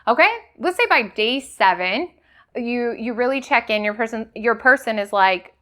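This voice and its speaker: A woman's voice: on the high side, animated, normal speed, pushed and bright. A woman hosting a motivational business talk, coaching her audience with rhetorical questions and frequent "okay?" checks.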